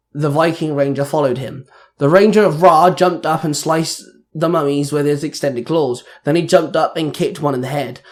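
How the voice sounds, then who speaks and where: Man narrating an action story. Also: fairly high pitch.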